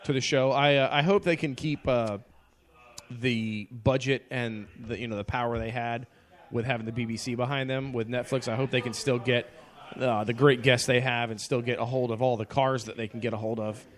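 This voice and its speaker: A man's voice: medium pitch, fairly even intonation, normal speed. A man chatting casually on a podcast, his talk rambling and full of ums and uhs. He sounds keen and upbeat about the topic, in a mid-range everyday voice. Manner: rambling, filler-heavy, enthusiastic. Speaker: podcast co-host. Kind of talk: casual chat.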